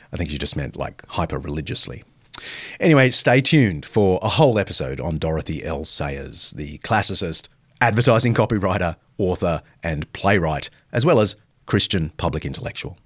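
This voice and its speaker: A man hosting a podcast, answering listener questions in an animated, conversational way. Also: sits low, normal speed, no echo, clean studio sound. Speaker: podcast host.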